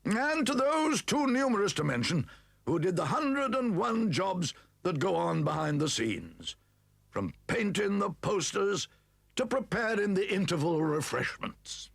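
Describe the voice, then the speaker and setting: An actor playing a gruff, kindly old male badger who blusters and fusses, in a 1980s stop-motion cartoon. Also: sits high, very animated, a little slow, a bit bright, heavily acted. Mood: announcing. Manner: gravelly, blustering, fussy.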